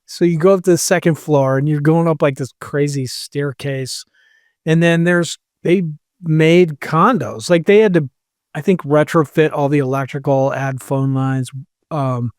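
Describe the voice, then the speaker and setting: A man's voice: fairly high pitch, fairly even intonation, a little slow, darkish tone, smooth, dry recording, studio quality. A man co-hosting a podcast, telling a long rambling story and quoting people as he goes. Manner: rambling, quotes people with "he's like". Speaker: podcast co-host. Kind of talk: casual storytelling chat.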